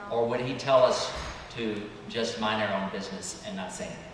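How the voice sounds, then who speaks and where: A man who is a priest giving a children's sermon, asking the children gentle questions and waiting for their answers. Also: lowish voice, fairly quick. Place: church sanctuary. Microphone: distant room mic. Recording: echoey church hall, distant mic, background noise.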